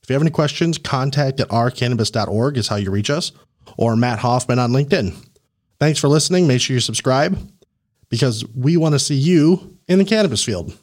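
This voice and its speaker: A man hosting a podcast, coaching a guest in a casual, animated way, laughing and acting out the people he quotes. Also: medium pitch, a little fast. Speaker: podcast host and career coach.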